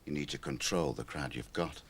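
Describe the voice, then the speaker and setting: A man's voice: a bass voice, normal speed. An actor playing a cynical, middle-aged male stand-up comedian who talks in a chatty, lecturing way in a radio play. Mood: needling. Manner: chatty, lecturing, shifts into a club comedy routine. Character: aging male stand-up comic, cynical and wheedling.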